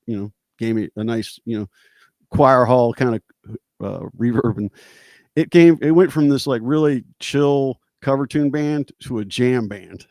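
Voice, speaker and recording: Animated male guitarist telling stories. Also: mid-range voice, unhurried, dry recording, clean studio sound. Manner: animated, laughing often, acting out voices in stories. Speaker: guest guitarist. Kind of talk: casual storytelling chat.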